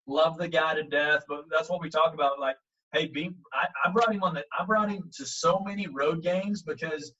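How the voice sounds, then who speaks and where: A man, a baseball coach, tells a story with a bright, forceful voice, acting out the quotes as he goes. His voice sits a bit high for a man. He's set back from the mic, and the audio sounds a little dull. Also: moderate pace, far from the mic. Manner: animated, acts out quotes, frequent fillers. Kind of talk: casual storytelling in an interview.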